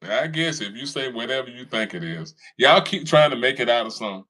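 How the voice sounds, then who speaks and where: A man's voice: mid-range voice, animated, brisk, bright, forceful tone. A man, taunting and laughing as he reads viewer comments in casual commentary. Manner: mocking, laughs often, taunting the audience. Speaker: commentary streamer reading comments.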